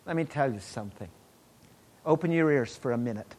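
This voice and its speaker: A middle-aged man preaches a sermon built around his personal testimony, swinging animatedly between loud exclamations and hushed asides. His medium-pitched voice is slightly rough, fairly quick, and broken by frequent pauses.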